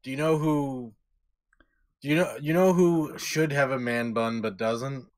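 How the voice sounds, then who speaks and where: A man's voice: mid-range voice, measured pace. A man co-hosting a podcast in a laid-back, hesitant way, with many fillers. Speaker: podcast co-host. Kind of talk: casual chat.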